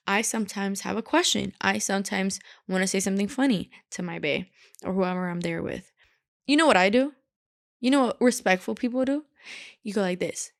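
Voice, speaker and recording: Sassy young woman podcaster with gravelly fry. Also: medium pitch. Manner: animated, sassy, full of filler "like". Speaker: podcast host. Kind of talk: solo podcast rant.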